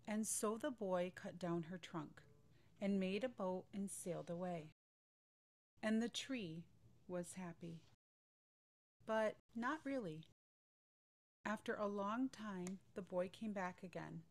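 Woman storyteller, bedtime read-aloud, very slow and gentle, mid-pitched.

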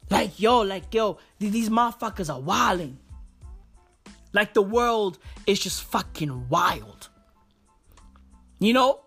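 A man's voice: high voice, a bit bright. A man hosting his own podcast, ranting casually in profane street slang, repeating lines and leaning on fillers. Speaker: podcast host. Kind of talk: casual solo rant.

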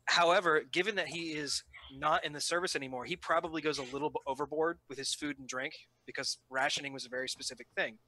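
A man's voice: fairly high pitch, fast, few pauses, poor audio. A man playing a tabletop game, chatting casually and at length about his character. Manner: relaxed, talkative, explaining his character. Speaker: player.

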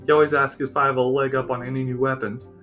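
A man voicing a burly, balding male shopkeeper who is sly and mischievous, speaking with gruff amusement over faint guitar music. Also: mid-range voice, little pitch movement, fast, fairly bright tone, close to an everyday voice. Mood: sly, amused.

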